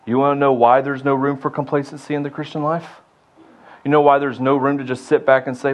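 A young adult man preaching a sermon, building to loud rallying shouts and then dropping low and intimate. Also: flat delivery, brisk, muffled recording. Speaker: pastor.

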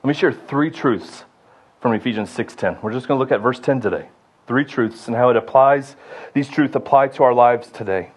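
A young adult man preaching a sermon, building to loud rallying shouts and then dropping low and intimate. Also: normal speed, husky. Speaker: pastor.

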